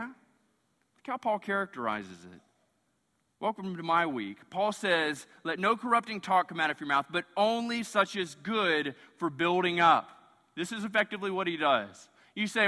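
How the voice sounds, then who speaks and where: A man preaching a sermon as pastor, animated, surging loud and then dropping quiet. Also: high voice, normal speed. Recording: long church hall reverb.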